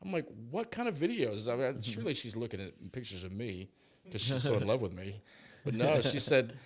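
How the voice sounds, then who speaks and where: A man, a musician and the guest, chatting casually in an interview and telling stories with animated delivery. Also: medium pitch, a little fast, slightly rough. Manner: animated storyteller, acts out quotes.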